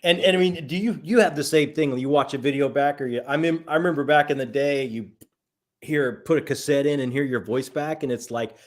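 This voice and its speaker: A man chatting as a guest on a book live stream, enthusiastic and halting, with many restarts. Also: on the high side. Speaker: guest, fellow book reviewer. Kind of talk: casual live-stream chat.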